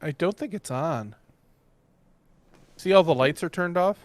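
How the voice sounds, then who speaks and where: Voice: mid-range voice, expressive, unhurried, dry recording. Practical tabletop player planning aloud. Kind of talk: casual tabletop play.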